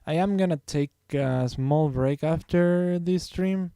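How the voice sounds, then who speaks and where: A man's voice: a little high, slow pace, warm tone, clear, resonant tone, dry recording, clean studio sound. A man streaming his drawing, talking casually to himself and his viewers in a rambling, self-correcting way. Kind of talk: casual thinking-aloud while drawing.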